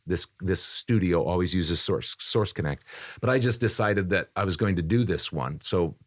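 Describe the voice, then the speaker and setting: Low-voiced man in casual podcast chat. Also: expressive, normal speed, a bit bright. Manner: conversational, repeats phrases, frequent fillers. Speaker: voiceover artist.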